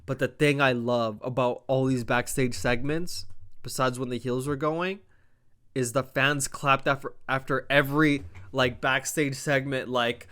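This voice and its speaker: A young man casually recapping a wrestling show, rambling, swearing often and jumping into animated voices when he quotes people. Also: medium pitch, moderate pace. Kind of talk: casual chat.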